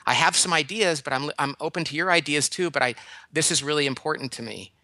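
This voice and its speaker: A man giving a caller advice in an animated, emphatic way, telling stories and acting out other people's lines. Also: on the high side, fast talker, no room sound. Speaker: guest advice-giver, management consultant. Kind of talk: radio call-in advice.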